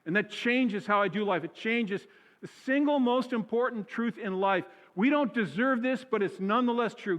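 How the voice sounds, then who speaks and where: A man's voice: high-pitched, fairly quick, a bit bright. Man preaching in a reverberant church. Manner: conversational preaching, repeats key phrases for emphasis. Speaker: pastor. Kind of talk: sermon. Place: church sanctuary. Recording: church hall with long reverb.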